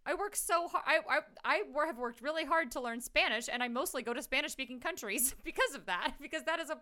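A woman co-hosting a casual movie-review podcast, animated and laughing often, swearing casually. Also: high voice, fast talker. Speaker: podcast co-host.

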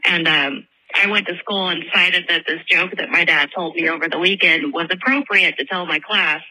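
A woman's voice: on the low side, normal speed, sharp tone, breathy edge, low-quality recording. A woman in her thirties from Northern California, leaving a rambling, giggly voicemail story full of likes and ums. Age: 30s. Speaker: podcast caller.

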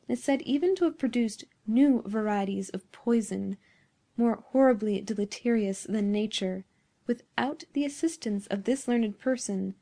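A woman reading a classic story aloud in a measured, formal narration. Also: medium pitch, vocal fry, dark tone. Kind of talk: scripted narration.

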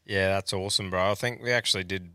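An Australian man hosting a podcast, chatting casually with relaxed, sweary banter. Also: low-pitched, fast, clean tone, no room sound, clean studio sound. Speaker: podcast host. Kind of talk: casual chat.

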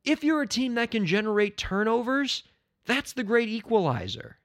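A male podcast host in a casual solo episode, short of breath and excitable. His voice sits high, and he keeps breaking from easy chat into loud shouting. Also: normal speed. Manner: excitable, bursts into shouting and chanting.

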